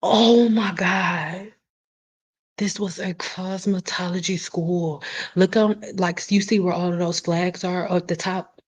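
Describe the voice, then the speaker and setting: A woman's voice: on the low side, steady tone, slow, husky. A woman who works as a cosmetologist, speaking bluntly and emphatically in a casual vlog, swearing freely and addressing her viewers directly. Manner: talks straight to the audience, calls them y'all.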